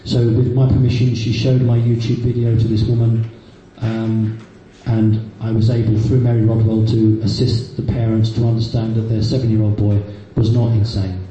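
A man's voice: lowish voice, little pitch movement, moderate pace, hardly any pauses, mellow, muffled recording. A man in his fifties telling personal stories to a live audience, with many fillers and restarts, in an echoey hall. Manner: storytelling, frequent fillers and restarts. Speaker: speaker recounting personal experiences. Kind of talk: anecdotal talk to a live audience. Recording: very echoey hall, faint background noise.

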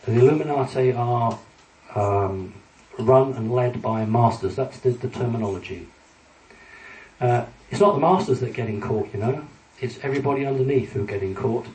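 A man's voice: mid-range voice, normal speed, a little mellow. A man giving a public talk with slides, earnest and emphatic as he warns his audience. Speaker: lecturer addressing an audience. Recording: echoey hall, distant mic, faint ambience.

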